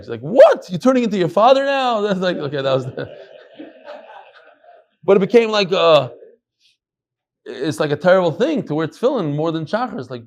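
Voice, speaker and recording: A middle-aged rabbi with a fairly high voice gives an animated daily Talmud class. He reads the text and then drops into casual, chatty asides. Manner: animated, jumps between quoting Aramaic and chatty English.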